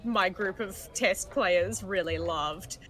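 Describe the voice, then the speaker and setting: A woman's voice: medium pitch, slow, a bit bright, a little hiss or hum. A woman player chatting casually and laughing between tabletop game scenes on a stream.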